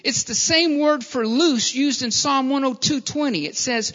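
A man's voice: extremely high pitch, moderate pace, sharp tone. A man preaching a sermon in an earnest, repetitive style and often calling his listeners beloved. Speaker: pastor. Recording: dull lo-fi sound with long hall reverb.

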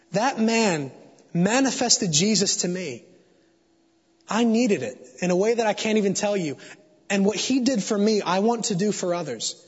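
A man's voice: high voice, breathy edge. A man preaching a sermon to a congregation, telling an earnest, confessional story and building to fervent exhortation. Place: church sanctuary before a congregation. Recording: dull sound with long hall reverb.

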